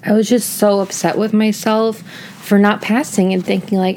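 A woman's voice: mid-range voice, level tone, moderate pace, warm tone, slight background noise. A woman in her thirties from Northeast Ohio, hosting a solo podcast in a chatty, casual way, with lots of filler words and emphatic asides. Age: 30s. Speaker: podcast host.

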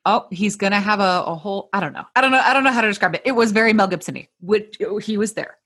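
A woman's voice: medium pitch, fast talker, a bit bright, slightly rough. A woman hosting a podcast, mixing casual chat with a scripted story told in a playful, jokey way. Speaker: podcast host.

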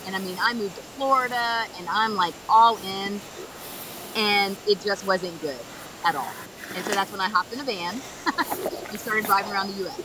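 A woman's voice: medium pitch, normal speed. A woman guest on a podcast, chatting casually and laughing easily as she tells stories. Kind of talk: casual chat. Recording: noisy recording with clear background noise.

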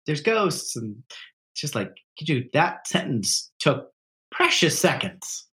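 A man's voice: mid-range voice, slow pace. A man co-hosting a casual movie discussion, often breaking into quoted lines. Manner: animated, quotes movie lines in mock voices. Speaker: podcast co-host.

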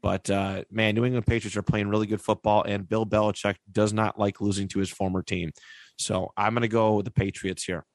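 Gravelly low-voiced man hosting. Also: little pitch movement, fairly quick, dry recording. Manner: laid-back, many filler words. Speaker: podcast host. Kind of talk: casual sports chat.

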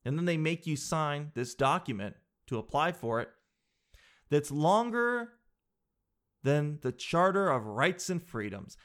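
Here a young man in his twenties, his voice pitched fairly high, works through a comedy routine. Animated and slangy, he breaks off now and then to do fast impressions of different people.

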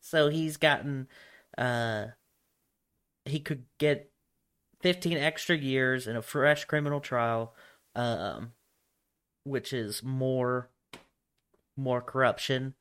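A man's voice: medium pitch, slow, long pauses, a bit bright, clear, resonant tone. A young man co-hosting a podcast in casual chat, rambling and profane, laughing often between thoughts. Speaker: podcast co-host.

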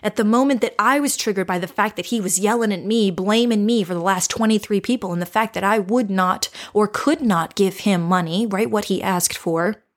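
A woman coach telling a personal story and guiding listeners to reflect, speaking softly and slowly and often dropping to a whisper. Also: medium pitch.

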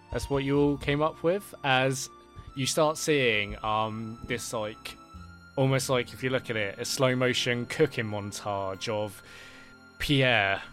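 A man's voice: medium pitch, fairly bright tone. A man narrating a tabletop game as game master, describing scenes in a loose, rambling way with many fillers.

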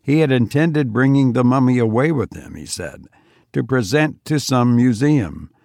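Guy narrating an old-style tale, steady measured read, dry close sound. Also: medium pitch, creaky, dry recording. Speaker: audiobook narrator. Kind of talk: first-person story narration.

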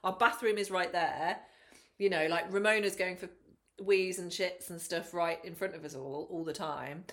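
A woman in her thirties, chatting casually as a podcast co-host. She talks with an animated, frank manner, swears freely and slips into little voices when she quotes her kids. Her voice sits a bit low for a woman. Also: moderate pace. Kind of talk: casual chat.

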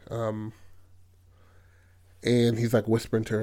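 On a relaxed podcast, a man at an ordinary middle pitch casually retells a film's plot for a listener. His talk is loose and profane, full of "like" and "you know what I mean," delivered unhurriedly with frequent pauses.

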